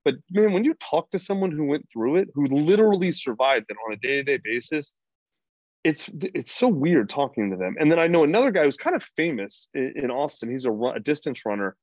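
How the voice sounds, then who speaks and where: A man's voice: a little high, big pitch swings, a little fast, darkish tone, dry recording. Man, American, middle-aged, blunt, profane, rambling, dry lo-fi recording. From United States. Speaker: podcast guest. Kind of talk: freewheeling casual conversation. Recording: dry, dull lo-fi sound.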